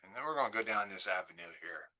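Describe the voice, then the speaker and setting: A man, a real estate agent, hosting a webinar and leading listeners through a slow, coaxing guided visualization. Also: lowish voice, lively intonation, pushed and bright, lo-fi sound. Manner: slow, coaxing, imaginative storytelling.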